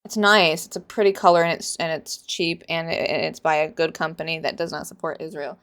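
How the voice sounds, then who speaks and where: A woman's voice: low-pitched, fairly even intonation, brisk, fairly bright tone. Sarcastic, exasperated young woman vlogger. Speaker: book reaction vlogger. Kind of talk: casual reaction commentary.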